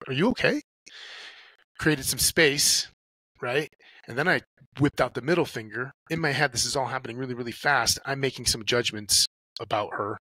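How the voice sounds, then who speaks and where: A man's voice: mid-range voice, pushed and bright, no echo, rough recording. A man, a podcast guest talking casually and acting out his inner dialogues as he tells stories, swearing freely. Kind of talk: casual conversational talk.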